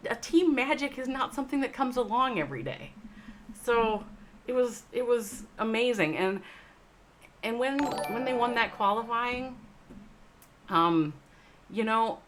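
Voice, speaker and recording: A woman hosting a live stream, talking straight to chat viewers. She swings between loud, emphatic, swearing bursts and slow, soft reflection. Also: on the high side, slight background noise. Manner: addresses chat viewers by name. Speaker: livestream host, esports org owner. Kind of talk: emotional livestream monologue.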